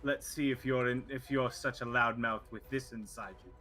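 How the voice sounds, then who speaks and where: A man's voice: medium pitch, fairly even intonation, normal speed, pushed and bright, faint music behind, voice pushed down. A man voicing a sneering male pirate cutthroat with a put-on accent, taunting a downed foe. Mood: menacing. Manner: menacing, taunting.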